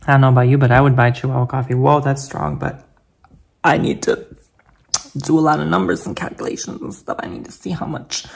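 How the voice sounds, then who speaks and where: A man talks casually to his viewers in a home vlog. He is chatty and playful, with a theatrical streak. His mid-pitched voice has a steady, gravelly fry. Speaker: vlogger.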